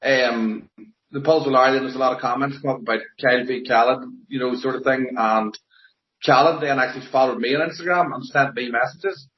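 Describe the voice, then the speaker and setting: A softly spoken man with a Northern Irish accent, answering interview questions plainly and modestly. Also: medium pitch, fairly quick. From Northern Ireland. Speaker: interview guest, armwrestler. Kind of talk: casual interview. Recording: echoey, muffled lo-fi audio.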